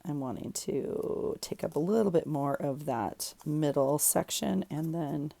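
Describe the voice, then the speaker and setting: A woman's voice: low-pitched, measured pace, creaky, few pauses, warm tone. A woman vlogger chatting casually in her home craft room, rambling and thinking aloud as she works on a journal page. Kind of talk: casual chat while crafting.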